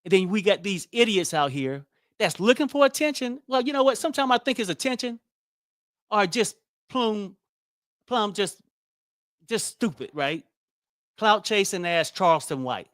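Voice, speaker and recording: A fairly high-voiced man, ranting bluntly and wearily. He swears freely and sounds exasperated, recorded close and dry with no room sound. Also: expressive, moderate pace, long pauses, a bit bright, no echo. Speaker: political commentary host. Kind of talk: casual political commentary.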